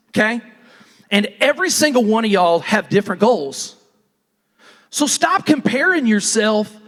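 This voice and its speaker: Man, very high bright voice, folksy rambling stage talk, long hall reverb. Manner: folksy, rambling, self-interrupting. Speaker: real estate team leader speaking on stage. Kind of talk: casual motivational talk. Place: large conference hall.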